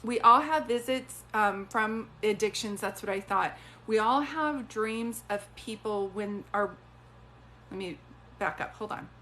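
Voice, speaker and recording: A woman working as a psychic medium, giving readings on a live stream in a chatty, animated way. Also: mid-range voice, measured pace, a little hiss or hum. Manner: chatty, animated, often acts out quoted voices.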